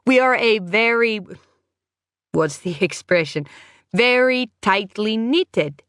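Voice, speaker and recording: A woman's voice: on the high side, lively intonation, slow, fairly bright tone, smooth, no room sound, clean studio sound, pitched above the performer's own voice. A woman voicing a poised, guarded female cruise manager who speaks formally, with slightly non-native phrasing. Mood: smoothly reassuring.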